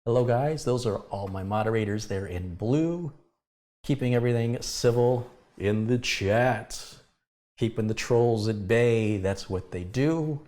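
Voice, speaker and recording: A middle-aged American man hosts a live tech review stream in an unhurried, medium-pitched voice with a darkish tone. He chats with viewers, greets them by name, and drops wry asides.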